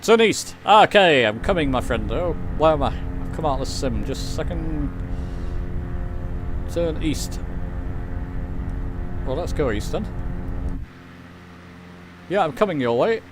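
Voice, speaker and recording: Over music, a man with a slightly high, animated voice speaks a little slowly, leaving long pauses. He's casually streaming a flight simulator, rambling and reading chat aloud.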